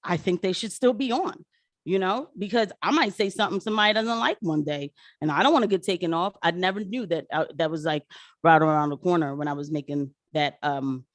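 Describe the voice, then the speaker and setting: Addressing viewers as "y'all," a political commentator livestreams in a chatty, slangy, animated way, wandering between asides and opinions. Her voice is fairly low and fairly quick, on a dry recording.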